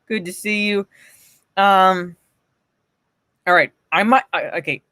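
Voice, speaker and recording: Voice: medium pitch, takes it slowly, sharp tone, clean tone, no echo. Profane, laughing livestream host. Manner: blunt, profane, often laughing, greets chatters by name. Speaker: livestream host reading posts to chat. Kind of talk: casual livestream commentary.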